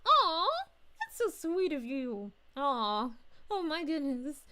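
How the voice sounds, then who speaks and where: A sweet, bubbly young princess, played by a woman, gushes over her fans in a high, bright voice that swoops up and down. She keeps sighing "aw" and giggling as she reads chat on a live stream, effusive and warm in character. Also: very animated, takes it slowly, full character voice. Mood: cheerful. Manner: gushing, effusive, frequent giggles and "aw"s. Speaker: VTuber streamer.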